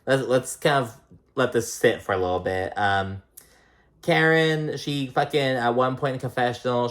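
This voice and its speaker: A reality TV recap vlogger in casual commentary, rambling and swearing often, full of "like" and "um.". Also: mid-range voice.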